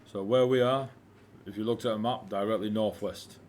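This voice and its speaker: A man voicing a gruff middle-aged male dwarf warrior, blunt and hesitant, with filler words. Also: fairly low pitch, fairly even intonation, moderate pace, a little mellow, slight background noise, close to an everyday voice.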